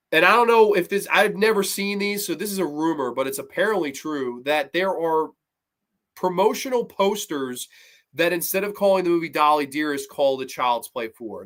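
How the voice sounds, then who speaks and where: A man reviewing horror films in a casual, profane and rambling way, often breaking into animated rants. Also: on the high side.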